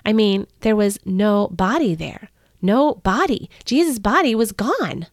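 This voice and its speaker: A woman hosting a podcast, telling a Bible story in the first person in an earnest, expressive way. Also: mid-range voice, no room sound, clean studio sound.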